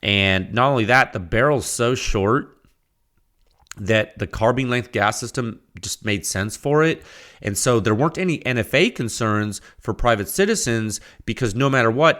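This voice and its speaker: Podcast host guy rambling on, stumbles and repeats himself, voice bounces up and down a lot. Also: mid-range voice. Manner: rambling, repeats words, conversational, lively asides. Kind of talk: solo podcast talk.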